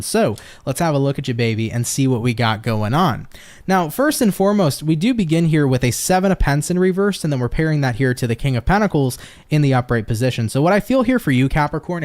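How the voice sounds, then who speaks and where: A man's voice: a little high, darkish tone. Young man, laid-back, swears a lot, laughs often, tarot reading from home office. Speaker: tarot reader.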